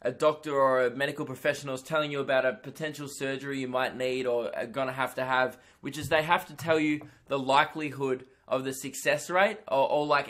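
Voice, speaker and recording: A young man hosting a solo comedy podcast, telling a rambling, animated story full of swearing and filler words. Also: mid-range voice.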